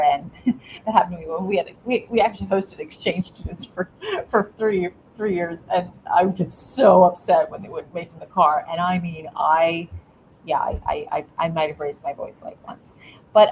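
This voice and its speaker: A middle-aged woman speaks in a fairly low voice, giving earnest advice to parents as an interview guest. She often stumbles and restarts mid-sentence, with a faint rumbling hiss beneath her. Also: low-quality recording. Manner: earnest, warm coaching tone with frequent restarts. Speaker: guest, educator.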